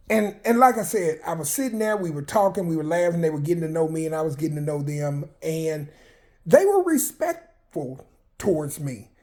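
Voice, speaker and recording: A man's voice: on the high side, mellow. A man in his fifties telling personal prison stories in a blunt, profane, rambling way, full of fillers and restarts. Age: 50s. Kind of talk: candid personal storytelling.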